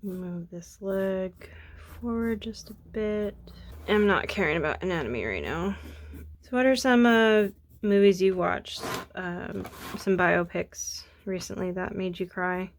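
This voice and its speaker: A woman's voice: medium pitch, lively intonation, measured pace, slight background noise. A young woman chatting casually while she draws, rambling and self-deprecating, a bit sniffly from allergies. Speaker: art vlogger. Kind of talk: casual chat while drawing.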